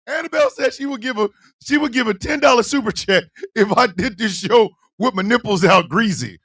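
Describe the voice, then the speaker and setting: A man hosting a livestream, chatting casually with his audience in loud, animated, profane banter with frequent laughter. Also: sits high, fairly quick, breathy edge. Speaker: livestream show host. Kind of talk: casual livestream talk, reacting to chat.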